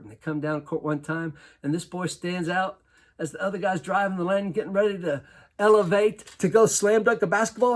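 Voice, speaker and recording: A basketball coach telling a lively personal story to an audience, laughing often as he goes. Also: a little high. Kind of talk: storytelling talk.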